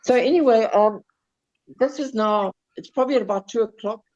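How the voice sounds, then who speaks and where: A man with a South African accent, casually telling a story on a podcast, animated, swearing and stumbling over his words. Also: high voice, a little fast. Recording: slightly dull lo-fi sound.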